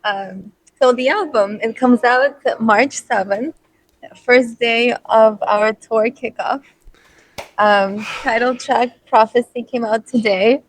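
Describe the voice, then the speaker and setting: A woman being interviewed about her band, talking casually with many fillers and halting restarts. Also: on the high side, poor audio. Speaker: band singer, interview guest.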